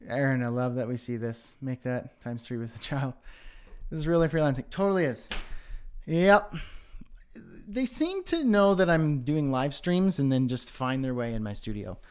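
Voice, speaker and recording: A man's voice: mid-range voice, animated, moderate pace, darkish tone, smooth. Chatty man giving freelancing advice. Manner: conversational, self-deprecating, frequent fillers. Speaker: host of a freelancing Q&A livestream. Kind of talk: casual advice livestream. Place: home studio.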